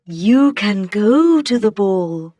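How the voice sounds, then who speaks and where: Woman reading as a gentle fairy godmother. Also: medium pitch, dry recording. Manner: calm, slow, reassuring.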